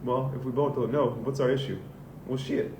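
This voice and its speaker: A man's voice: fairly even intonation, fast, distant mic. Earnest man coaching in an echoey room. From Southern US. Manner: casual, earnest, swearing freely. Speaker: men's coach. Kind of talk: motivational monologue. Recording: echoey room with rumbling noise.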